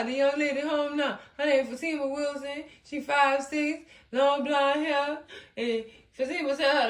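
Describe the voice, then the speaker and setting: A woman hosting a casual TV recap, animated and acting out the characters as she chats to her viewers. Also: sits high, a little slow, reverberant. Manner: animated, acts out characters, talks to viewers as cousins. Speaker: recap host.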